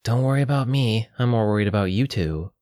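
A man voicing a flat-voiced young woman scientist who speaks in a dull monotone, in an audiobook. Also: fairly low pitch, a little fast, no room sound, studio quality, lightly acted. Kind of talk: audiobook character voice.

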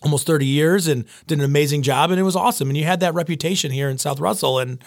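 A quick-talking man in his thirties with a voice that sits a little high for a man. He chats loosely and rambles, slipping into other people's voices when he quotes them. The sound is dry and close. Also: creaky, no room sound. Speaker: chef and pizza shop owner. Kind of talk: casual interview chat.

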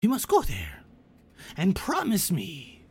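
Game master doing a goblin woman, high put-on pitch, formal archaic wording, hesitant fillers, key hoarder, haughty. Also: wildly swooping pitch, slow pace, slightly rough, heavily acted. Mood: bargaining. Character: fussy female goblin who hoards keys.

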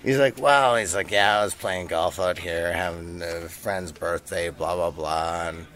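A man's voice: sits low, fairly even intonation, a little slow, fairly bright tone. Laid-back man spinning a tale. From Canada. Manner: laid-back anecdote teller, laughs while talking. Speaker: guest. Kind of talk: casual storytelling.

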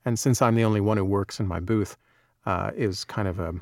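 Gravelly low-voiced male narrator. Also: brisk, no room sound, studio quality. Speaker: audiobook narrator. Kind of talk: casual interview chat.

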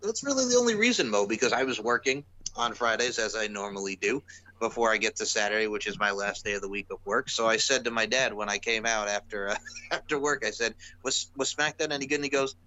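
A man's voice: lowish voice, quick pace, sharp tone, a little hiss or hum, rough recording. A young man co-hosting a casual wrestling podcast, rambling and exasperated, with lots of restarts. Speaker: podcast co-host.

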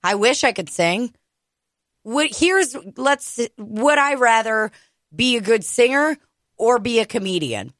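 A woman's voice: on the high side, expressive, takes it slowly, a bit bright, dry recording, clean studio sound. A woman co-hosting a casual comedy podcast, joking crudely and swearing often. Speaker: podcast co-host. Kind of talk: casual chat.

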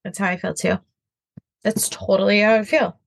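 A young adult woman co-hosting a podcast in casual chat, expressive and sarcastic. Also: mid-range voice, moderate pace, creaky. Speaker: podcast co-host.

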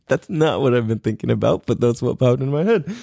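A man's voice: mid-range voice, animated, moderate pace, creaky, warm tone, no echo, studio quality. A young man hosting a podcast alone, rambling casually with lots of laughs and slang. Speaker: podcast host. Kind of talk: solo casual podcast chat.

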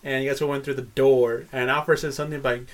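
A man's voice: mid-range voice, level tone, brisk. A man hosting a casual podcast chat, prompting stories and explaining others' points. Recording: voice a bit distant from the mic.

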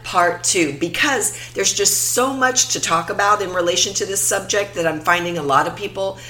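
A woman's voice: medium pitch, normal speed, sharp tone. A woman co-hosting a relationship podcast, talking frankly and laughing easily in casual chat. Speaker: podcast co-host.

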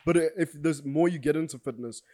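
A man's voice: on the high side, brisk, dark tone. A young man in his twenties chatting casually as a podcast co-host, laid-back and full of slang like bro and dude. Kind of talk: casual chat.

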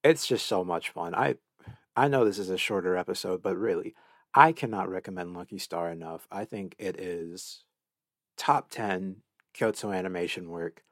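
A man's voice: deep voice, normal speed, no echo, studio quality. A man hosting a solo anime review podcast, talking in a gushing, enthusiastic way and repeating words as he restarts his sentences. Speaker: podcast host.

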